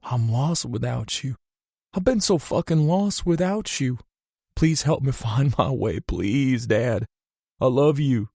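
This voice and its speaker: A man's voice: mid-range voice, moderate pace, mellow, no echo, clean studio sound, pitched above the performer's own voice, close to an everyday voice. A man voicing a grief-stricken young man who pleads and sobs at his dying father's bedside, his voice breaking. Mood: tearful.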